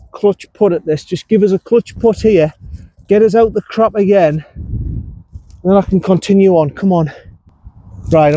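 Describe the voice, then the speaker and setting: High-voiced golfer, self-coaching. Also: male voice, dark tone. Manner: talks to himself and the viewer between shots, self-coaching. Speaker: golf vlogger. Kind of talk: casual on-course commentary. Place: outdoors on a golf course.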